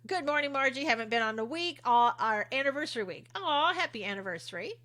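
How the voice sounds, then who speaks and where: A woman's voice: sits high, lively intonation, a little fast, bright, forceful tone. A middle-aged woman hosting a casual livestream, reading viewer comments aloud and answering them with sarcasm and frequent laughs. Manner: sarcastic, chatty, laughs often.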